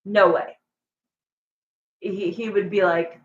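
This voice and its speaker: A woman's voice: medium pitch, slow, fairly bright tone. A woman tarot reader chats with her livestream viewers in an emphatic, affectionate, rambling way, full of "like" and "you know". She talks unhurriedly, and her voice sits in an echoey room with a dull, lo-fi sound. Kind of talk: casual livestream chat with viewers.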